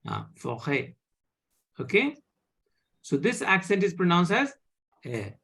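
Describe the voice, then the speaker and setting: A man teaching a live online French class, halting with many fillers and often asking "okay?". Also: sits high, big pitch swings, a bit bright.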